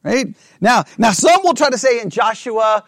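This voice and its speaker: A man leading a Bible study class, reading scripture aloud slowly and checking in with the group with frequent questions. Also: extremely high pitch, animated, fairly bright tone, no room sound, studio quality.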